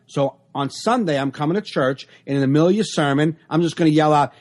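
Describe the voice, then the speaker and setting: Animated storytelling comedian man. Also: fairly high pitch, moderate pace. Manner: animated storyteller acting out exchanges. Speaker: stand-up comedian, podcast co-host. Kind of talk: casual podcast chat over video call. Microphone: video call.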